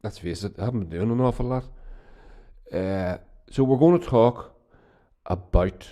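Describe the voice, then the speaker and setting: A man's voice: lowish voice, normal speed, dark tone. A Northern Irish man hosting his own podcast, chatting casually in a rambling, profane way with lots of restarts. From Northern Ireland. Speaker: podcast host. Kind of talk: casual solo podcast chat.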